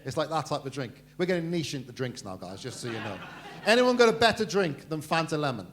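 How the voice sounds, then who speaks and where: A man's voice: a little high, sing-song, fast talker, fairly bright tone, slight background noise. A middle-aged man hosting a stand-up comedy night, joking crudely and bantering with the crowd. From Wales. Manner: cheeky, crude banter with the audience. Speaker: comedy host. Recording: echoey room.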